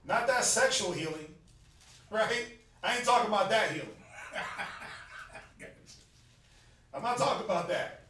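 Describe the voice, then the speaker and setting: A man's voice: high voice, expressive, unhurried, pauses often, sharp tone. A man with a Southern US accent teaching a religious class in a casual, joking, conversational way, laughing often and using slang. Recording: echoey room, mic far off, faint hiss.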